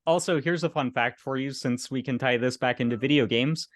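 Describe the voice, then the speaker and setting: Relaxed male podcast host. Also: mid-range voice, brisk, no room sound, clean studio sound. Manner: relaxed, sharing fun facts. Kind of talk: casual chat.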